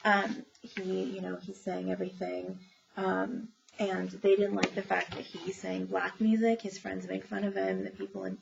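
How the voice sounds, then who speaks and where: A woman's voice: medium pitch, creaky, highs cut off, a little hiss or hum. A woman librarian chatting through book reviews with lots of ums and opinionated asides. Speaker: librarian reviewing new children's books. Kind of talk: casual book review talk.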